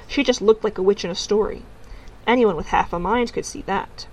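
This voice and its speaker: A woman's voice: mid-range voice, brisk, a little mellow, natural voice, low-quality recording. Storybook girl, earnest and stubborn, lightly raised voice; read by a woman.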